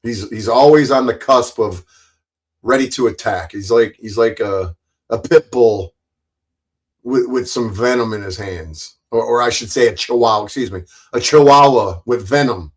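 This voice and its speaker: A man's voice: medium pitch, moderate pace. A man doing angry ranting commentary on a livestream, profane and confrontational, often stumbling and repeating words. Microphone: streaming mic.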